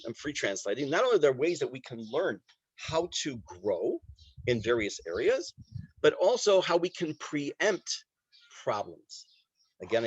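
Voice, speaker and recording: A man's voice: mid-range voice, slightly rough, no echo, highs cut off. A man teaching a Torah class over a video call, reading Hebrew lines and translating them, with joking asides. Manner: lively, joking asides, reads Hebrew text then translates.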